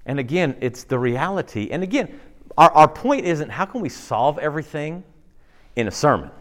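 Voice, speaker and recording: Animated, conversational male preacher. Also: moderate pace. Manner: conversational, with frequent fillers and rhetorical checks; animated, swinging between loud emphasis and soft low asides. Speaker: pastor. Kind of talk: casual sermon.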